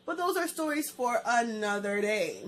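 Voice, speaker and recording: A young woman with a fairly high voice tells a storytime vlog straight to camera. She talks informally and lively, acting out what each person said. A faint hiss sits under her voice. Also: moderate pace. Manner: animated, acts out the dialogue of the story. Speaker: vlogger.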